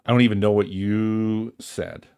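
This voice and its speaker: Male streamer, low and unhurried, casual chat with a dry, wry edge. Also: flat delivery, darkish tone, clear, resonant tone.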